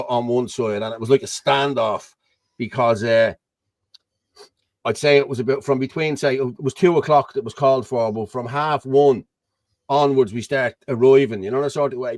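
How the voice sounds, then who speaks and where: A man's voice: medium pitch, darkish tone, no echo. An Irish man hosting a casual political chat over a video call, rambling and blunt, often asking "you know what I mean". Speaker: host.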